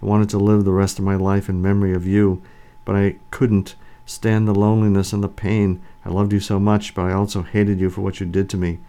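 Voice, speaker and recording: A frightened young woman grieving her lost love, read by a man. The voice stays deep and mellow, with only slight lifts. She speaks in a pleading, emotional way. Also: flat delivery, fairly quick, clear, resonant tone.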